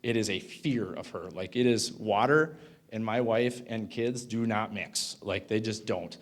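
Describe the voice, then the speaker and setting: A man's voice: fairly low pitch, measured pace. Casual man telling a story at a conference. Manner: casual, filler-heavy, asks the audience "right?". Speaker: conference speaker. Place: conference hall.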